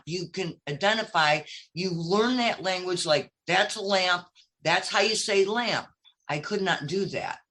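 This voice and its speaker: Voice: mid-range voice, bright, forceful tone, poor audio. A guest from upstate New York with a Brooklyn accent, telling a long story in casual chat with many fillers.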